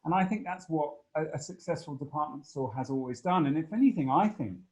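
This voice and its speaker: A man giving a long, animated interview answer, full of fillers and playful asides. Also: a little high, brisk, low-quality recording. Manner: expansive, animated storytelling with many fillers.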